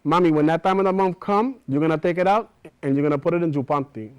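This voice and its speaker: A man's voice: fairly high pitch, fast talker, clean tone, natural voice. A man performing a bossy phone spiritual adviser in a solo theater monologue, with a brassy code-switching manner. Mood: bossy, confiding. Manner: brassy code-switching between Spanish and English, calling everyone mami.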